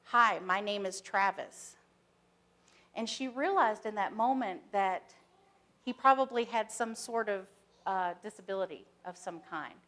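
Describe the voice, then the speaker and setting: A woman minister giving a sermon, starting with gentle, soft-spoken guided stillness and moving into storytelling. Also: on the high side. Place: church sanctuary, stage lights.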